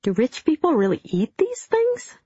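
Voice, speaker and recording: A man's voice: a little high, normal speed, no echo, natural voice. A woman voicing an eager, scruffy male lab colleague who mumbles offhand, wry remarks. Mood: incredulous. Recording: dull, dry studio sound.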